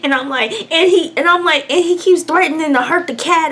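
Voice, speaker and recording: A young woman telling a personal story in a candid, emotional way, swinging between hushed and loud. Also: extremely high pitch, brisk, few pauses. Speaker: vlogger. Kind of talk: storytime vlog.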